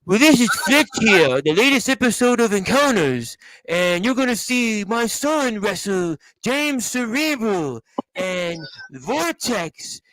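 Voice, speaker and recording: A smug wrestling boss rambles on about himself, as a man mocks him. The voice sits very high and the sound is dry and close. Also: sing-song, slow pace, a bit bright, no echo, exaggerated voice, poor audio. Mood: mocking. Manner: rambling, mocking.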